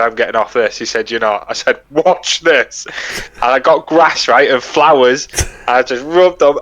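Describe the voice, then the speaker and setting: A man's voice: on the high side, fairly bright tone, muffled recording. A young British man co-hosting a podcast, telling army stories in a casual, laughing, swearing way. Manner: laughing, swearing, acts out quoted lines. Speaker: podcast co-host. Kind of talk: casual storytelling chat.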